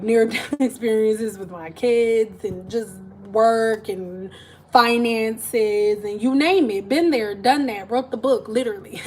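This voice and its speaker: A woman's voice: fairly high pitch, darkish tone, slight background noise. A woman hairstylist telling stories in a chatty, slangy way on a casual live stream from home. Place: at home, TV in another room.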